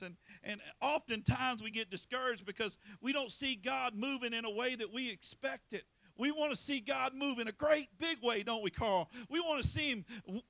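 A man preaching a sermon, pleading and impassioned, with sudden loud swells. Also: very high voice, creaky, dry recording.

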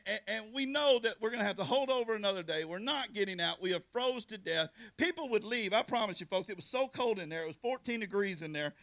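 A man preaching a testimony, calling out to listeners by name and swinging from loud preaching to hushed storytelling. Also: high-pitched, creaky. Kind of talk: sermon testimony.

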